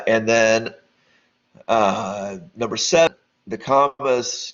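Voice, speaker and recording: A man teaching a casual grammar lesson, loose and rambling with many fillers and restarts. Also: fairly low pitch. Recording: dull lo-fi audio.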